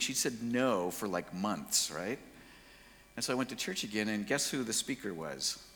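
A man telling his personal story in a casual, slangy, lively way. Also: low voice, long reverb tail, slight background noise. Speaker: speaker sharing his testimony.

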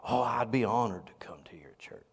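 A man's voice: lowish voice, moderate pace, breathy edge, pitched below the performer's own voice, exaggerated voice. A man doing a whispering, awestruck preacher. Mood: awed hush. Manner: gushing, flattered. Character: awestruck male visiting preacher, breathy hush.

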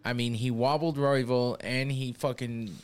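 A man's voice: mid-range voice, fairly even intonation, measured pace, clear, resonant tone. A man hosting a casual fight watch-party podcast, cursing freely and laughing often as he comments. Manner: profane, laughs often, jokey. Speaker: podcast host.

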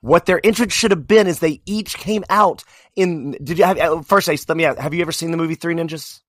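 A man co-hosting a podcast, talking in a casual, animated way with many fillers and restarts. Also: fairly high pitch, fairly quick, dry recording. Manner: animated, rambling wrestling fan talk with fillers. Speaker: podcast co-host. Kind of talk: casual chat.

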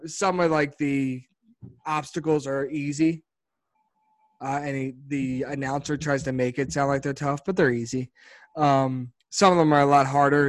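A man co-hosting a casual sports podcast, talking in an animated, rambling way and laughing often. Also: fairly high pitch, no room sound. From Philadelphia area. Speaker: podcast co-host.

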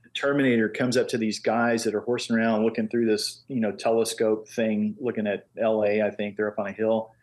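Husky-voiced man telling relaxed stories. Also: lowish voice, brisk. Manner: relaxed anecdotes with many fillers. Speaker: guest, engraver. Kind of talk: casual chat, storytelling.

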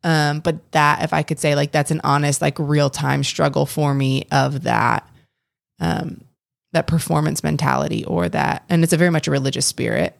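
A woman's voice: sits low, normal speed, gravelly, dry recording, studio quality. A young adult woman co-hosting a casual faith podcast, earnest and rambling with frequent restarts. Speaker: podcast co-host.

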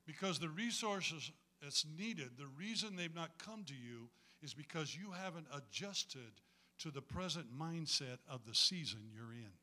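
A man's voice: fairly high pitch, lively intonation, measured pace, pushed and bright. A man preaching a sermon to a congregation in a folksy, humorous way, calling on them to answer back.

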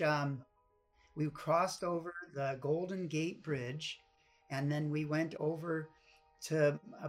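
A woman guest telling a story in a casual interview, acting out the voices of people in it. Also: deep voice. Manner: animated, acts out quoted voices.

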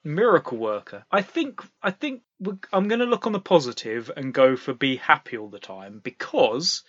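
Young british guy bantering on a podcast, bright tense voice, kinda dull audio. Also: fairly high pitch, sing-song, normal speed, husky. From Britain. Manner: playful, bursts into sung and acted lines. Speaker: podcast co-host. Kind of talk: comedic banter.

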